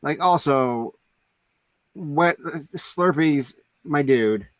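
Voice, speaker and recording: A man's voice: fairly high pitch, very slow, no echo. A man co-hosting a podcast in casual chat, telling stories in a rambling way with many fillers. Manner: rambling storyteller, heavy on "like". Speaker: podcast co-host.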